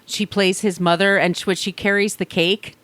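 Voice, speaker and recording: A woman co-hosting a podcast, telling stories in a mid-pitched voice, chatty and quick to laugh, with plenty of ums. The sound is dry and close to the mic. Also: little pitch movement, fairly bright tone, dry recording. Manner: chatty storytelling, laughs often, filler-laden. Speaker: podcast co-host. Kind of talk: casual chat.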